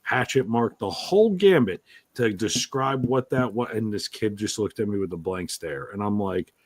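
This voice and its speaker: A podcast host with a somewhat low voice that swings widely in pitch as he tells crude, animated stories. He swears freely and keeps the banter loose and casual. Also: normal speed, no echo. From Italian-American. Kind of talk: crude comedic casual chat.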